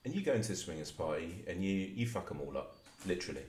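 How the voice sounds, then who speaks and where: A man's voice: low-pitched, sing-song, fast, darkish tone, reverberant. A man co-hosting a casual podcast, rambling and stumbling through a long story. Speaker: podcast co-host.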